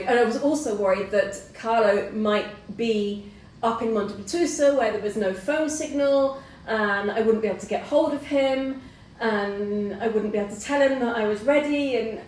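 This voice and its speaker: A middle-aged woman hosting a casual chat, telling a personal story in an animated way and acting out the voices of people in it. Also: on the high side, normal speed. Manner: animated storyteller who acts out quoted voices. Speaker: host. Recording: roomy, distant mic.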